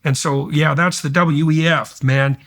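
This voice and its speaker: A man hosts a conversational podcast interview in a gravelly voice full of vocal fry, pitched a little high for a man. He argues emphatically, stringing forceful points into long run-on sentences. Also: fairly even intonation, measured pace. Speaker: podcast host.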